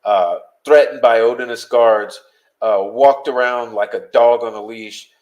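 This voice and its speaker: A man hosting a live-stream talks straight to his chat in a blunt, heated way, swearing freely. His voice sits in an ordinary middle pitch, and his delivery is casual and conversational, with no polish. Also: unhurried, darkish tone, dull audio. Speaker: podcast host.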